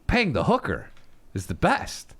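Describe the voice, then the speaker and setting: A man co-hosting a podcast in casual comedic chat, making blunt, crude wisecracks and sometimes yelling his reactions. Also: a little high, huge pitch swings, unhurried. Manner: blunt, swearing wisecracks with sudden loud yells. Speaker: podcast co-host.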